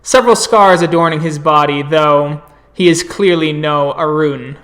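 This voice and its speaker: A man narrating as game master of a tabletop game, describing scenes slowly and in detail. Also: fairly high pitch, fairly bright tone.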